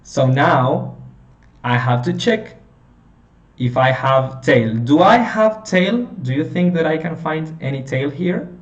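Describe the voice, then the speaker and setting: Slow-talking male teacher in an echoey room. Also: on the high side, expressive, lo-fi sound. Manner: slow, explaining step by step and quizzing students. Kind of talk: online phonetics lesson. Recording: echoey room, a little far from mic, faint hiss.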